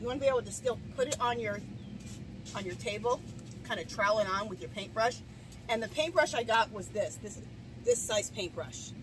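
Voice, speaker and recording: Chatty middle-aged woman vlogger with hiccups, fairly high voice, camera set off to the side outdoors, noisy background. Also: animated, a little fast. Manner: chatty, rambling, many restarts and asides. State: hiccups and coughing. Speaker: garden vlogger. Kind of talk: casual DIY tutorial. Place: outdoors in a garden. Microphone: camera set down at a distance.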